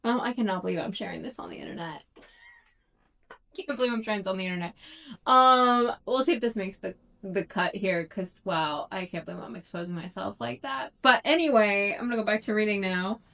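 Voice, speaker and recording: A woman's voice: medium pitch, a little fast, gravelly, hardly any pauses, bright, forceful tone. Chatty thirty-year-old woman. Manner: chatty and self-conscious, with lots of likes and restarts. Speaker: book vlogger. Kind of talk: casual reading vlog chat.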